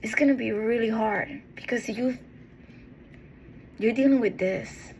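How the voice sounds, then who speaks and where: A woman with a fairly high voice talks slowly and tenderly to her viewers, offering heartfelt encouragement. She is earnest, pausing and restarting as she speaks, with a faint hiss of noise behind her. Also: darkish tone, low-quality recording. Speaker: motivational vlogger. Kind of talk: heartfelt encouraging monologue to camera.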